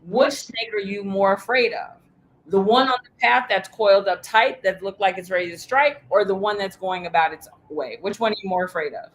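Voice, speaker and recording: A woman coaching a group in an animated, emphatic, blunt way, with the odd curse. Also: mid-range voice, moderate pace, slight background noise, rough recording. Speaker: sales coach. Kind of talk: coaching talk.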